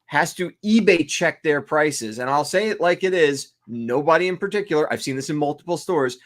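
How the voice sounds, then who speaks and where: A man's voice: fairly high pitch, expressive, normal speed. A man co-hosting a casual chat, ranting and swearing freely. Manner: profane, ranting. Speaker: co-host.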